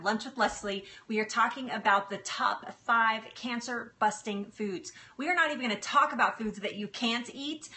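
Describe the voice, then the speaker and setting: Middle-aged woman, bright tone, laughing cooking host chatting live from her kitchen. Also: on the high side. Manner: chatty, laughs often, apologetic, stalls with fillers. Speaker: livestream cooking host and health coach. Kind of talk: casual live-stream chat while cooking. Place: home kitchen.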